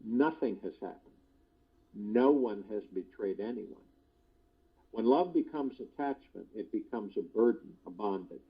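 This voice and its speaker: A man giving a spiritual discourse, slow and deliberate, often repeating his key phrases. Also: on the low side, animated, slightly rough, lo-fi sound. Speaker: spiritual teacher.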